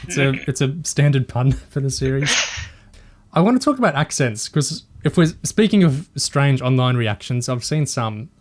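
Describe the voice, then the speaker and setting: A man's voice: medium pitch, animated, normal speed. A man co-hosting a discussion podcast, opinionated and hesitant, often restarting his sentences. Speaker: podcast co-host.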